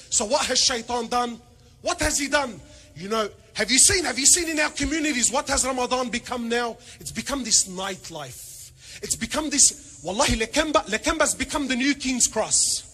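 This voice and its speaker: A man preaching a sermon in a very high, bright, husky voice. His pitch swings all over as he jokes and throws rhetorical questions at the congregation, dropping Arabic phrases throughout. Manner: animated, joking, rhetorical questions; peppers speech with Arabic phrases.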